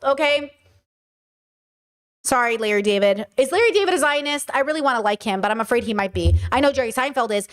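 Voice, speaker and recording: On her casual podcast, a woman reacts to news clips with blunt, profane commentary that drifts into rambling asides. Her voice is a little high, with lively intonation and a fairly quick pace.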